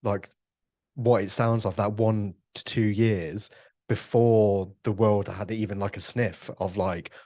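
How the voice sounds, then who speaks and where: A man hosts a podcast in a low voice, earnest and encouraging as he frames his questions. His words come with plenty of fillers, and the sound is dry and close. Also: steady tone, slow pace, dark tone, no room sound. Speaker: podcast host. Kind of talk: casual interview chat.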